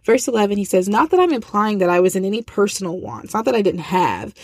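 A woman's voice: mid-range voice, very animated, fast talker, a little mellow, slightly rough, no room sound, studio quality. A woman giving an earnest, conversational devotional talk, with frequent fillers and restarts. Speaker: christian speaker.

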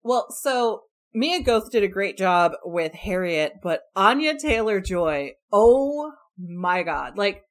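A woman's voice: medium pitch, expressive, slow, few pauses. Laughing woman mimicking movie characters. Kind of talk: casual movie chat.

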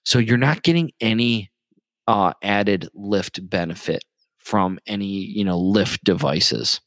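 Low-voiced man explaining aviation. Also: takes it slowly, fairly bright tone, no echo. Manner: rambling, explanatory, many fillers and restarts. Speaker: flight instructor. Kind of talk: casual aviation chat.

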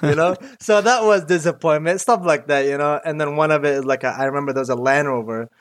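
A man's voice: on the high side, quick pace. Young man, from Iraq, casual interview talk, rambling, laid-back. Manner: loose and rambling, full of "dude" and "you know". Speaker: mechanic guest.

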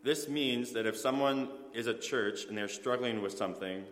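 A man's voice: mid-range voice, moderate pace, fairly bright tone, roomy sound, long reverb tail, slight background noise. A man giving an earnest sermon in a church, stopping now and then for fillers and self-corrections. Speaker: preacher.

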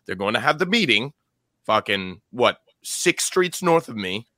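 A man's voice: mid-range voice, sing-song, a little slow, pushed and bright, dry recording. A man co-hosting a casual podcast chat, rambling and joking, slipping into little bits. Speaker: podcast co-host; substitute teacher. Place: New York.

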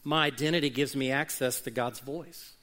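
A man's voice: medium pitch, steady tone, moderate pace, pushed and bright. A man preaching a sermon as pastor to a congregation, rising and dropping his voice for emphasis. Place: church service with congregation.

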